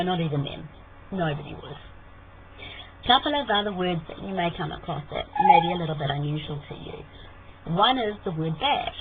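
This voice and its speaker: Playful New Zealand woman vlogger. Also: fairly low pitch. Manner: playful, teasing, demonstrates vowels. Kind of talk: casual explainer vlog. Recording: tinny lo-fi webcam audio with faint hiss.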